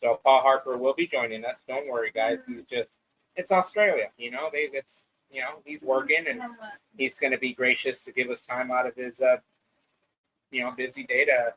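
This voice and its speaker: A man's voice: mid-range voice, steady tone, normal speed, fairly bright tone, low-quality recording. A man hosting a live podcast, talking in a loose, rambling, profane way. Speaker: podcast host. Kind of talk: casual live-stream chat.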